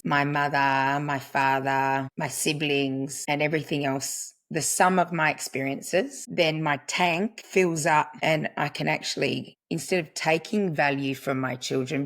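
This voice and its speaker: Low-voiced woman, earnest and slow. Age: middle-aged. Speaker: guest, family constellations practitioner. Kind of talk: reflective podcast conversation.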